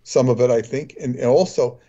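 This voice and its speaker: A man's voice: medium pitch, fairly quick, warm tone, highs cut off. A man talking as a guest in casual chat, telling long rambling anecdotes.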